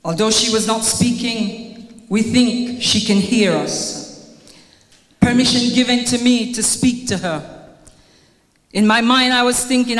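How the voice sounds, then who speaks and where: A woman's voice: a little high, unhurried. Tearful older Jamaican woman giving a eulogy. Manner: earnest, reads scripture in a lilting churchly cadence. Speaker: funeral tribute speaker. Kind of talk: heartfelt eulogy with scripture reading. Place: church at a funeral service. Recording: long reverb of a church hall.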